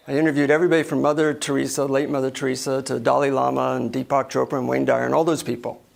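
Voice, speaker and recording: A man delivers a motivational keynote on stage, telling stories full of lively voiced asides. His voice is gravelly and sits a little high for a man, and he moves easily from plain telling into acted-out moments. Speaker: keynote speaker. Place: stage before an audience.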